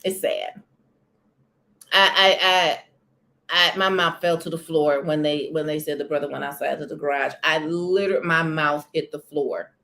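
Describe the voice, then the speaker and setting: A woman's voice: sits low, steady tone, moderate pace, fairly bright tone. A woman hosting a casual live-stream chat. She is chatty and emphatic, and often repeats herself. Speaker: channel host.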